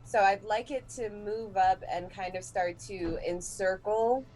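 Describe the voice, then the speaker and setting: A woman playing a tabletop game, talking casually, often laughing and thinking out loud. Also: medium pitch, steady tone, measured pace, a little hiss or hum. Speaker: player.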